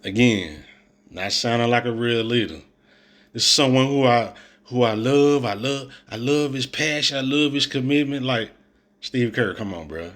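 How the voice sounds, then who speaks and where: A sports commentator reacts to clips from a coach's press conference with blunt, exasperated, opinionated commentary full of slang and mockery. His mid-range voice moves at a moderate pace and has a fairly bright tone.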